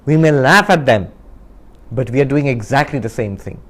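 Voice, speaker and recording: Animated man giving a spiritual talk. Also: medium pitch, moderate pace. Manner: animated storyteller, acts out characters in the story; asks the audience questions. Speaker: spiritual teacher.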